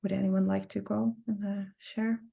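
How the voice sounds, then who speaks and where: A woman teaching an online class over a video call, telling a personal story earnestly and with deep feeling. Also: level tone, normal speed, creaky, mellow. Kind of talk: heartfelt personal talk to a class.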